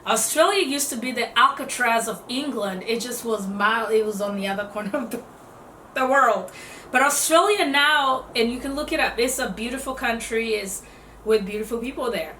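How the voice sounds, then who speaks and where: A woman's voice: fairly high pitch, moderate pace, bright, forceful tone, roomy sound, recorded from a distance, a little hiss or hum. A woman giving casual self-development advice in a conversational way, explaining with rhetorical questions.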